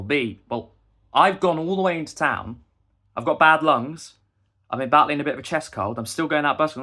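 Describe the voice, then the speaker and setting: A man's voice: a little high, bright, forceful tone. A young man, delivering a heated, indignant rant straight to the camera. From England. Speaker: busker and vlogger. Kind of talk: ranting monologue to camera.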